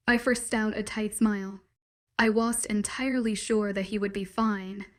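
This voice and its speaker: A woman narrating a first-person romance story in a steady, even read. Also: medium pitch.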